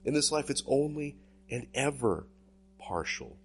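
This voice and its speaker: A male pastor delivering a sermon in an animated preaching style with sweeping swings in pitch. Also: measured pace, faint music behind.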